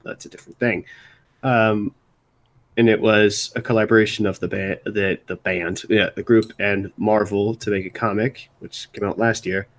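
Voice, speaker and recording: Rambling young man, lowish voice. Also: steady tone. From Baltimore. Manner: rambling, halting, many restarts. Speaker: music segment host. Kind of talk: casual live stream chat.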